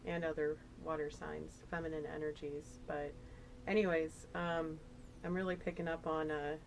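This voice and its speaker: A woman's voice: deep voice, flat delivery, normal speed, slight background noise, poor audio. A woman giving a casual, emotional tarot reading, chatty and rambling with fillers. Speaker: tarot reader.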